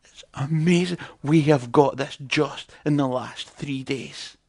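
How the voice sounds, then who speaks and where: A man putting on an excited, bearded American gold miner who gushes over a small find with exaggerated enthusiasm. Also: on the high side, slow. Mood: gushing.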